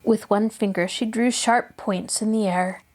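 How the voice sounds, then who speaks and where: A woman host reading a classic children's novel aloud in an expressive storytelling voice. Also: medium pitch, unhurried.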